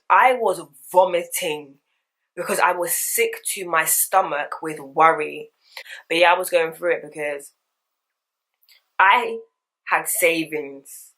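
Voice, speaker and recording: A woman, chatting candidly in slangy, animated talk for a get-ready-with-me vlog. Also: low voice. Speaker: vlogger. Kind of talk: casual get-ready-with-me chat.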